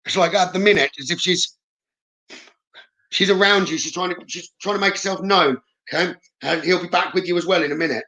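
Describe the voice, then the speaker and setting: A man's voice: sits high, fairly quick, sharp tone, rough recording. A man working as a psychic medium in a live reading, relaying messages in a reassuring way and often checking in with "okay?". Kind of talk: live-streamed spirit reading.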